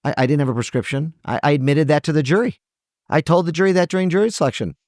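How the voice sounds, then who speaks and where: Earnest lawyer man, halting and emotional. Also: fairly high pitch, darkish tone, no echo, clean studio sound. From Michigan, USA. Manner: earnest, emotional, many restarts and self-corrections. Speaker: trial lawyer, podcast guest. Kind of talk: conversational interview.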